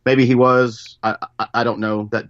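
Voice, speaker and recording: A man calling in as a guest musician, talking in a relaxed, easygoing way with a lot of hedging. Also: medium pitch, moderate pace. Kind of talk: casual interview chat. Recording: dull phone-line call.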